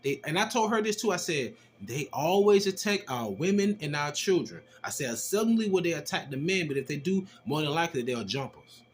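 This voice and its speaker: Guy with a slightly high voice telling his testimony, slangy, swears a lot, acts out what folks said. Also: a little fast, few pauses, slight background noise. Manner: animated, slangy and profane, acting out quoted exchanges. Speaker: storyteller giving a personal testimony. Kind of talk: casual storytelling testimony.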